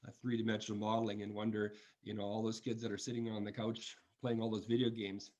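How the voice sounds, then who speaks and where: A man's voice: fairly low pitch, darkish tone, lo-fi sound. A man on a webinar panel explaining things plainly, with some restarts.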